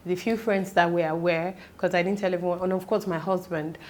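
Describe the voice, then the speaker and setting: Tearful woman, halting and emotional. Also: fairly low pitch, fairly even intonation. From Nigeria. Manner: tearful, halting, fighting back tears. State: close to crying. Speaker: vlogger. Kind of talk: emotional personal vlog.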